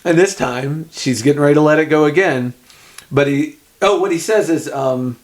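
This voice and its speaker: Man, podcast co-host, casual movie chat, slightly high voice, animated retelling. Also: moderate pace.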